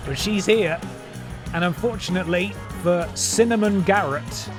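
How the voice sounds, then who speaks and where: A man's voice: sits high, a little slow, over music. A man, streaming a wrestling game and doing playful mock-announcer commentary with jokey asides. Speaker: gaming streamer.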